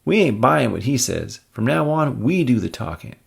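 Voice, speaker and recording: A man's voice: mid-range voice, very animated, normal speed, gravelly, breathy edge, voice pushed up, exaggerated voice. A man voicing a pushy, defiant young male student activist from a comic, full of slang. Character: brash young male student protest leader.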